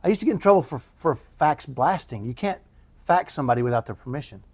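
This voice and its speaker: Man, podcast co-host, casual storytelling, slightly high voice, animated. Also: fast talker, crowd noise. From Dallas area, Texas. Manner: animated storyteller, mimics fax beeps.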